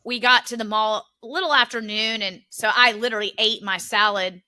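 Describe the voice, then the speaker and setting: Woman, podcast co-host, casual chat, animated, bright tone. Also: on the high side, a little fast. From Philadelphia area. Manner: animated storyteller, laughs often.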